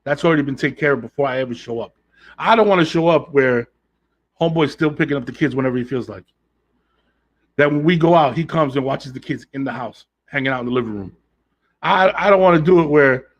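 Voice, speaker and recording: A man's voice: medium pitch, dull audio. A man hosting a podcast in a casual, blunt and emphatic way, full of slang and swearing, talking straight to his listeners. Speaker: podcast host. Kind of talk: casual solo podcast talk.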